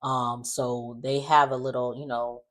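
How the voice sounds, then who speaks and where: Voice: medium pitch, flat delivery, measured pace. A host recapping a soap opera in casual, opinionated chat, full of fillers and side comments. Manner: chatty and opinionated, many fillers and asides.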